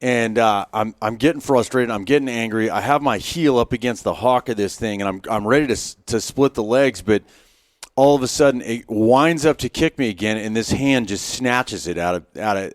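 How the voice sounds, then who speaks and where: A middle-aged man tells lively, self-deprecating stories as a podcast guest, often doubling back on his words. His voice sits on the lower side and sounds close and dry, with no room echo. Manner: animated, self-deprecating anecdotes with frequent restarts. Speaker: podcast guest, former Marine sniper. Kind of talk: casual storytelling. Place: on a wilderness hunting trip.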